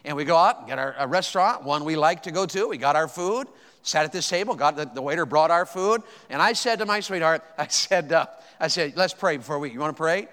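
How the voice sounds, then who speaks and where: A man in his 50s preaches a sermon in a church sanctuary, making emphatic calls to the congregation and repeating himself with stammers. His voice sits on the high side and sounds fairly bright, and he talks briskly. The recording has the echo of a church hall.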